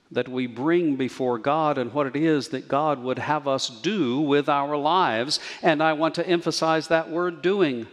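A man preaching a sermon as pastor, measured and earnest, slowing down to stress key words. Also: on the high side, in a large hall. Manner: measured, earnest preaching with slow emphatic pauses.

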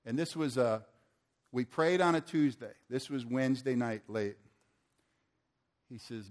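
Male preacher, storytelling sermon, lively and conversational, mid-range voice. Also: medium pitch, normal speed, pauses often. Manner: animated, acts out the people in his story. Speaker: preacher telling a story to men.

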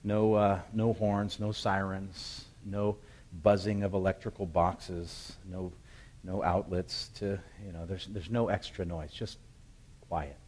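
A man delivers a sermon in a fairly low voice, telling the story in plain, lively talk. He jumps into the characters' voices, sometimes shouting their calls from a distance. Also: slow. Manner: acts out scripture voices, shouting the calls across the hills. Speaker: preacher.

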